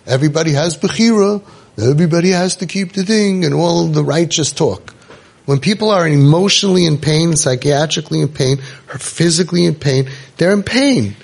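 A man's voice: fairly high pitch, brisk, creaky. A middle-aged man gives an emphatic, storytelling inspirational talk, acting out the voices he quotes. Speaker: youth program founder and speaker.

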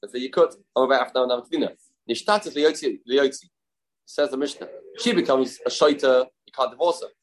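A man teaching a daily Talmud class, explaining quickly and mixing in Aramaic terms with frequent restarts. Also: mid-range voice, poor audio.

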